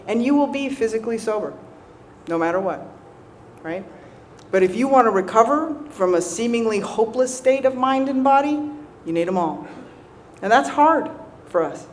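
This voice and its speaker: Animated woman telling a funny recovery story. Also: a little high, a little hiss or hum. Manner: animated, self-mocking storyteller who laughs often; checks in with the crowd with "right?". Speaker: speaker sharing a recovery story. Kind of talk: humorous recovery talk to an audience.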